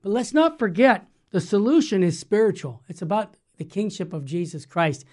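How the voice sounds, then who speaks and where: A man's voice: high voice, expressive, moderate pace, a little mellow. A man hosting a Catholic radio talk show while fighting a cold, upbeat and preachy as he speaks straight to listeners. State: has a cold.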